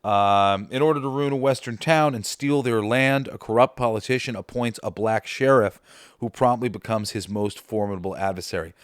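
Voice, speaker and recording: A man hosting a podcast, chatting casually and excitedly about favorite comedy films, swearing and laughing as he retells scenes. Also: on the low side, normal speed, smooth, no echo, clean studio sound. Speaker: podcast host. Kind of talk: casual movie ranking chat.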